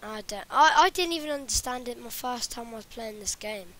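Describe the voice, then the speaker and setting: A woman's voice: a little high, animated, brisk, bright, forceful tone. A woman talking over her gameplay in a rambling way, often dropping into whispers. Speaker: gaming channel host. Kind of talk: gameplay commentary.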